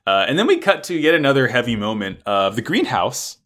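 A man co-hosting a podcast, casually recapping an anime episode, swearing and animated. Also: mid-range voice, a little fast. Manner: animated retelling with swearing and acted quotes. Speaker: podcast co-host.

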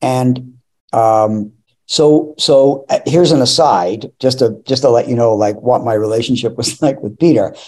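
A man who is an actor and a guest on an interview, telling animated, rambling anecdotes with laughter and restarts. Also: medium pitch, measured pace. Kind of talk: interview storytelling.

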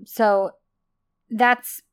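A woman co-hosting a casual podcast, giving short agreeing replies and excited bursts about the show. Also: a little high, extremely slow, smooth. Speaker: podcast co-host. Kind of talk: casual chat.

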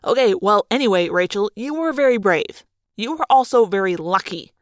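A woman voicing a teenage boy who leads his group, speaking in a serious, measured way in an audiobook. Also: medium pitch, animated, no room sound, clean studio sound, lightly acted. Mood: reassuring. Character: teenage boy, quiet team leader. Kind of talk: audiobook character reading.

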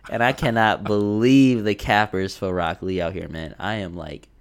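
A man with a somewhat low voice talks in a casual, slangy way. He is blunt and swears freely. He laughs often as he chats. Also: steady tone, moderate pace, clear, resonant tone. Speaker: podcast co-host. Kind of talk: casual chat.

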